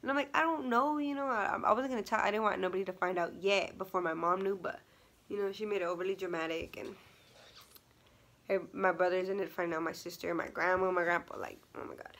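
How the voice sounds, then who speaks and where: Speaking fast in a fairly low but fairly bright voice with a steady tone, the young vlogger chats her way through a storytime video. She laughs, uses lots of fillers, and acts out people's quotes.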